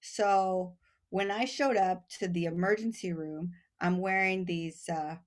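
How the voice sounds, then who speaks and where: A Texas woman with a fairly low voice and a slightly slow pace is a guest on a podcast, telling a long story in casual chat. She's animated, acts out the voices of the people in it, and laughs often.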